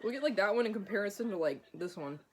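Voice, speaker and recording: Woman vlogger, mid pitch, loose crude mukbang chat through a mouthful of food. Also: lively intonation, fast talker. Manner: crude, swears a lot. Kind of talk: casual eating vlog chat.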